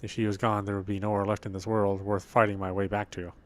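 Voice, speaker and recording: A man reading a game's story text aloud while playing, slow and heartfelt, with stumbles and restarts. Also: fairly low pitch, flat delivery. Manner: reads slowly with feeling, stumbles and restarts. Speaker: gameplay streamer.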